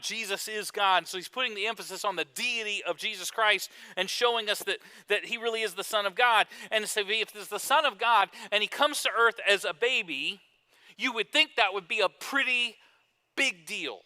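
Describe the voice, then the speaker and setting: A man with a high, very bright and clear voice delivers a sermon in church. He talks in a conversational way, restarts his words, and jokes with the congregation. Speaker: pastor.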